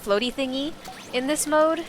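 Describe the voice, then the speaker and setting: A woman streamer chatting casually and excitably while she plays, swearing now and then. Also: sits high, normal speed, background noise. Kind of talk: casual live gaming chat.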